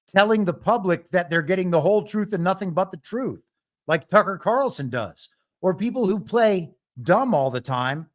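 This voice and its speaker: Guy doing a solo political livestream, kinda high voice, sarcastic and argumentative. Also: a bit bright. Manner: wry, argumentative, laughs at own jokes. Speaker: political commentary host. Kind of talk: live solo commentary stream.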